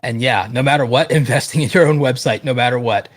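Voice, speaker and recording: A man's voice: mid-range voice, fast talker. A man hosting a livestream, reading viewer questions aloud and answering them in a direct, casual way. He says he is losing his voice. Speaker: livestream host.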